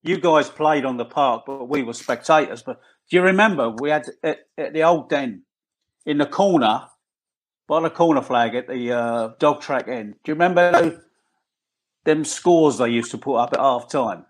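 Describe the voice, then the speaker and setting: A man's voice: medium pitch, moderate pace. A man, chatting and telling old stories on a video call from his tablet. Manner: chatty, storytelling, self-deprecating. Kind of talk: casual reminiscing chat over a video call.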